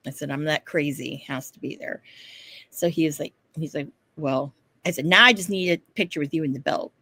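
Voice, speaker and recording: A woman co-hosting a podcast, telling a story in casual chat, animated, laughing often and swearing casually. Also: low voice, brisk, slightly rough. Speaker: podcast co-host.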